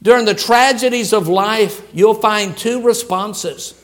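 A man preaching a sermon, moving from shouted appeals to quiet, hushed asides. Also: high voice, unhurried. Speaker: pastor.

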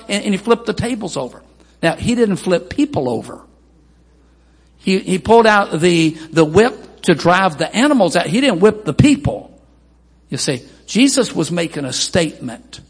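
Gravelly pastor preaching in a hall. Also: male voice, very animated, normal speed. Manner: emphatic preaching, voices quoted people in a raised pitch. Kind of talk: sermon. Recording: long hall reverb.

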